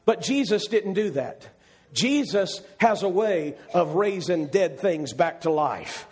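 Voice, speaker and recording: A male preacher delivering an impassioned sermon, repeating his phrases and building up to shouted climaxes. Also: sits high, expressive, slow.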